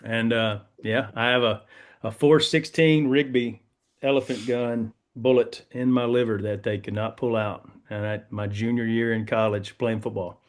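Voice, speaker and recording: A man's voice: mid-range voice, steady tone, moderate pace. A man from Louisiana with a Southern US accent, a guest telling stories in an easygoing, casual interview chat. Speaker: guest, duck call maker.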